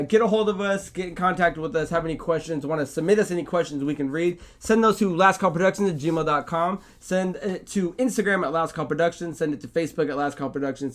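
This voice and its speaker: A man co-hosting a casual gaming podcast, relaxed and rambling, running the giveaway and sign-off. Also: a little high. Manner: relaxed, rambling, swears freely. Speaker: podcast co-host.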